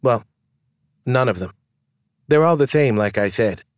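A soft, lisping young tavern woman who is missing most of her teeth, as a male audiobook narrator puts her on. She speaks higher than his own low voice, in a gentle, plain way. The audio is dry and close. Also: lively intonation, a little slow, smooth, no room sound, lightly acted. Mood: earnest. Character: toothless lisping young female prostitute, gentle.

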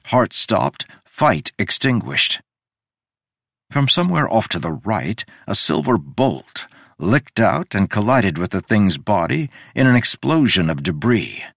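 A man reading a fantasy audiobook in a measured, dramatic storytelling manner. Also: fairly low pitch, no room sound, clean studio sound. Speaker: audiobook narrator. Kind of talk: scripted fantasy narration.

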